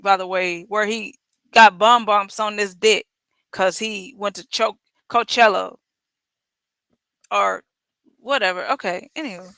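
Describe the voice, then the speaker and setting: A woman hosts a livestream at an unhurried pace, her voice bright and forward. She jokes, teases her viewers and swears freely. The sound is close and dry, with no room around it. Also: mid-range voice, smooth, no room sound. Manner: blunt, joking, profane, teasing chat. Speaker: livestream host. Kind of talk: casual livestream chat.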